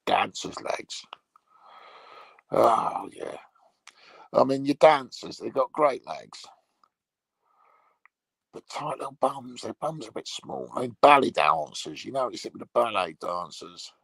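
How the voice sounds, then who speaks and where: A man playing a crude male troll, delivering a rambling, swear-filled comedy monologue in a gravelly, husky voice. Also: mid-range voice, animated, unhurried, long pauses, fairly bright tone, no echo, heavily acted, rough recording.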